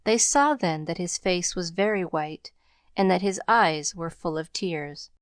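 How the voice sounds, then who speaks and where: A woman reading an audiobook aloud in measured, even scripted narration. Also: lowish voice, no room sound, studio quality.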